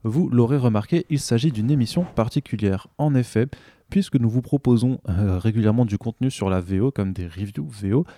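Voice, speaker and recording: A French man hosting a casual podcast interview, speaking with a French accent and pausing often with fillers. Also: medium pitch, dark tone, no echo, clean studio sound. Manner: halting, frequent filler pauses. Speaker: podcast host.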